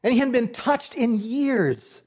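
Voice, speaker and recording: A man preaching a sermon as pastor. He speaks earnestly, swings between loud emphasis and hushed tones, and often repeats a word as he restarts. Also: extremely high pitch, animated, measured pace, breathy edge. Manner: restarts with doubled words. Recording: dull lo-fi recording.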